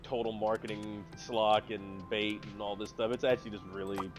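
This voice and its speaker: A man chatting casually on a live stream, rambling excitably about movies with big jumps in pitch and loudness. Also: moderate pace, faint music behind. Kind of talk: casual chat.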